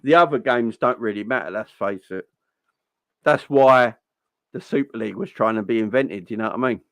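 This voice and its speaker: A young man hosting a casual football fan livestream, chatty and giving shout-outs to viewers. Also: mid-range voice, moderate pace, no echo.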